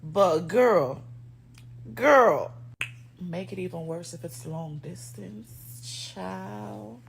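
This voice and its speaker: A woman's voice: on the low side, extremely slow, creaky, a little hiss or hum. A woman speaking to camera in an emphatic, profane, preachy manner. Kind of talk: casual monologue to camera.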